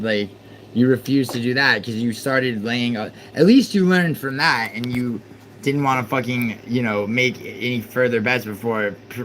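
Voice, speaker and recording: A man in a mid-range voice argues with his chat during a live stream. He scolds and flares into loud, high outbursts, then sinks into low muttering. A faint air-conditioning hum sits under the voice. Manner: argumentative, swings from exasperated shouting to muttering. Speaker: livestream host.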